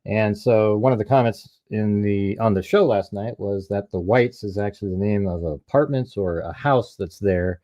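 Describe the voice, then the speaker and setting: Low, dark-voiced man breaking down a recording. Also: normal speed, hardly any pauses, no room sound, clean studio sound. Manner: explains step by step, points out details. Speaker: true crime commentator. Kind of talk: casual analysis, walking through a recording.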